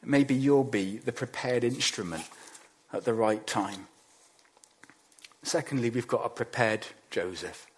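A man preaching a sermon, acting out quoted voices and dropping to quiet emphasis on key lines. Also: mid-range voice, a little slow, pauses often, breathy edge.

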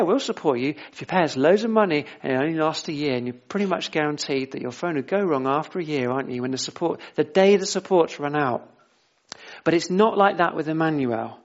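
Chatty preacher, slightly high voice. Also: male voice, lo-fi sound. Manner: conversational, with frequent restarts and rhetorical questions. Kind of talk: informal sermon.

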